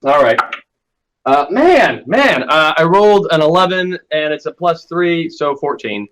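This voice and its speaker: A man's voice: fairly high pitch, big pitch swings, measured pace, a bit bright. A man playing a tabletop game, describing his character's actions with stumbling restarts. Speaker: player.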